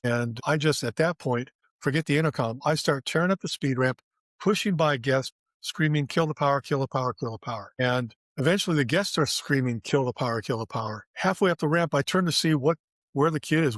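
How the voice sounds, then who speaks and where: A man's voice: on the high side, no room sound, clean studio sound. An older man, a former theme park designer, telling his career story in an interview and acting out the dialogue as he goes. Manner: vivid storyteller, acts out quoted dialogue.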